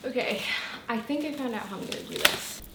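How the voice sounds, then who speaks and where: Breathless chatty mom packing bags. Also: female voice, on the high side, a little fast, over loud music. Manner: chatty, lots of "like" fillers. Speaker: mom vlogger. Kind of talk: casual chat while packing. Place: home, indoors.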